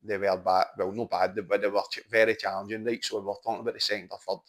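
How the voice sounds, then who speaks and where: Fast-talking Scottish man telling stories. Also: fairly low pitch. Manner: animated storyteller, swears freely. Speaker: mindset coach. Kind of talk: casual podcast chat. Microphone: podcast microphone.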